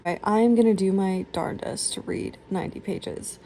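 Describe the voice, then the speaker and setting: A young woman vlogger chatting casually about her reading. She talks quietly and sounds worn out. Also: fairly even intonation, moderate pace, slight background noise. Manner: tired, low-key and mumbly in the first part; chatty and rambling, with fillers. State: out of breath. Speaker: booktube vlogger. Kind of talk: casual vlog chat.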